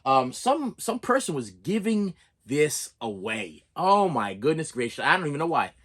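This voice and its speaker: A middle-aged man with a voice sitting a little high for a man chats straight to his viewers. He rambles, circles back and repeats himself, his pitch leaping up and down in a lively, animated way. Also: moderate pace. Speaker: preschool teacher and collector vlogger. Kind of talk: casual rambling monologue.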